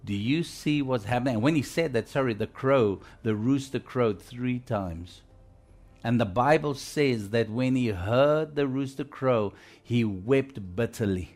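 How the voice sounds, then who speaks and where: A man's voice: medium pitch, measured pace, a little mellow. A male preacher delivering a sermon in an average, mid-range voice. He retells the scripture conversationally, then presses his point home with emphatic, exhorting lines.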